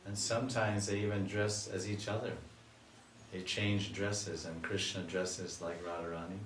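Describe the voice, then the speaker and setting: A man, a swami, telling a devotional story in a slow, lingering sermon style. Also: sits low, a little hiss or hum. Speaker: swami giving a spiritual talk. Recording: echoey room, mic far off.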